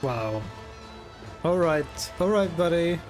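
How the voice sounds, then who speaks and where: A man's voice: a little high, expressive, slow pace, faint music behind. A man streaming a game live, reading the narration aloud and reacting with fillers.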